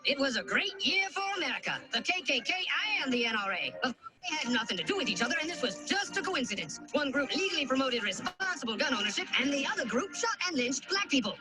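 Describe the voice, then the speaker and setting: A high, bouncy, sarcastic cartoon narrator, chirping to boys and girls as if reading a storybook. His pitch swoops all over, and he keeps breaking into shouts. Loud music plays under the voice the whole time. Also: sing-song, fast talker, poor audio. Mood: mock cheerful. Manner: mock-cheerful storybook delivery, often shouting. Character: chipper, sarcastic male cartoon narrator addressing kids.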